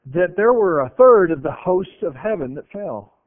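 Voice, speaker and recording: Male pastor, high voice, animated sermon, tinny radio sound. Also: moderate pace, no echo. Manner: animated, acts out scripture voices, chuckles. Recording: tinny phone-like radio broadcast.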